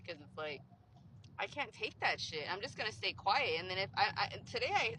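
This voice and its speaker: A woman's voice: mid-range voice, lively intonation, fairly quick, bright, forceful tone, a little hiss or hum, rough recording. A young woman venting about her job in a casual, rambling way, swearing often and filling her talk with "like". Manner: frustrated, profane, rambling with many "like" fillers. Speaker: vlogger venting about work.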